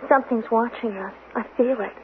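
An actress playing a frightened young wife staying as a weekend guest in a 1970s radio drama, uneasy and jumpy. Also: female voice, on the high side, fairly quick, background noise, natural voice. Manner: uneasy, easily startled. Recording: narrow-band old radio broadcast.

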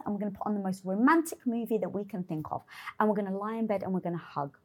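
Husky woman telling a candid story. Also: medium pitch, rapid-fire. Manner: expressive, swears freely, acts out her own inner dialogue. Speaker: interview guest.

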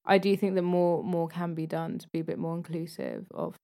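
A woman's voice: on the low side, level tone, mellow. A young woman co-hosting a fashion podcast in casual, emphatic chat. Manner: chatty, emphatic, quick back-and-forth. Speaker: podcast co-host.

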